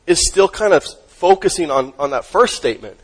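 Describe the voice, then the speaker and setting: A man's voice: fairly high pitch, lively intonation, moderate pace, rough recording. Emphatic man preaching a sermon. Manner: emphatic, quizzes the congregation. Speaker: pastor.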